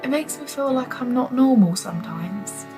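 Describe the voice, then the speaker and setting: A woman's voice: a little high, lively intonation, normal speed, over loud music. A young British woman speaking candidly and hesitantly to her camera, with many fillers. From Britain. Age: young adult. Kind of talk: self-filmed documentary confession.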